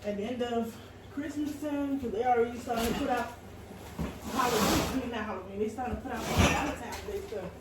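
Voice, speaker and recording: A woman's voice: on the high side, fairly quick, heavy background noise. A young woman vlogging at home in casual chat, talking to her viewers and cursing freely, a little out of breath. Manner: chatty, talks to viewers as "y'all", curses casually.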